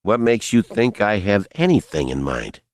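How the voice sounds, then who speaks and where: A man's voice: on the low side, very animated, normal speed, darkish tone, dry recording. A male narrator voicing a bitter, angry young jungle guide in an audiobook.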